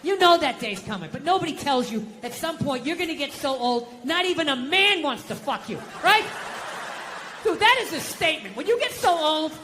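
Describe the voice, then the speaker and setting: A man's voice: extremely high pitch, sing-song, moderate pace, sharp tone, a little hiss or hum. A man doing stand-up comedy with a Boston accent, ranting through a profane story on a stage mic in front of a live audience.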